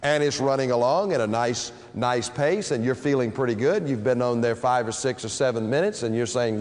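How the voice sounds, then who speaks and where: A man preaching a sermon with dramatic delivery, stretching key phrases slowly for emphasis. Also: mid-range voice. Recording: long reverb of a large hall.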